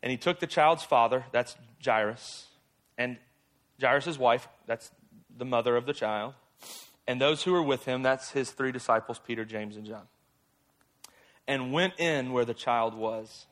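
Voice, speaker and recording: Guy preaching a sermon, bright forceful voice, chatty and animated, gets loud and high when he's worked up. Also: measured pace. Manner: conversational preaching, acts out bible characters with slangy asides. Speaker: pastor.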